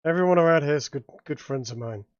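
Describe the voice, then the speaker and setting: Sly male tavern dealmaker, put on by a game master, put-on Scottish brogue, smooth, dry muffled recording. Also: medium pitch, fast talker, no echo, natural voice. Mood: wheedling. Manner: smooth, calls people darling.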